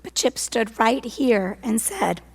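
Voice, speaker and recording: A hoarse woman, a church staff member, speaking earnestly and from the heart at a church forum. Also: fairly high pitch, slow.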